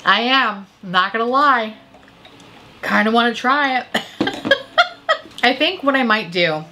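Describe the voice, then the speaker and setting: Bright-voiced, foul-mouthed tipsy woman. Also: a little high, expressive, normal speed, slight background noise. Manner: candid, swears a lot. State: a little tipsy from drinking. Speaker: beauty vlogger reviewing makeup releases. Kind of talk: casual chat.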